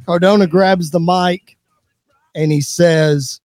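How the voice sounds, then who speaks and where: A man narrating an imagined wrestling show in an excitable play-by-play announcer's manner. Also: high-pitched, measured pace, dry recording, studio quality.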